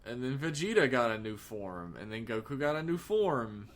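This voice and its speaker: A man's voice: mid-range voice, sing-song, normal speed. A man co-hosting a podcast in casual chat, joking, swearing freely and laughing often. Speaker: podcast co-host.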